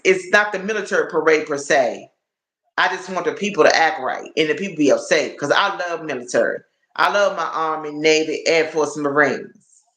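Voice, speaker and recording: Sounding tired and achy, a livestream host with a slightly high, sharp voice chats casually in a roomy-sounding space. He tends to repeat himself and calls his audience y'all.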